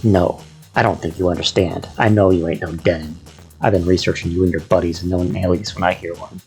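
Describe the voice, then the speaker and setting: A man's voice: sits low, flat delivery, a little fast, a little mellow, faint music behind. A man voicing a suspicious, gun-toting rural man with a Texan drawl, speaking in threatening folksy talk. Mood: menacing.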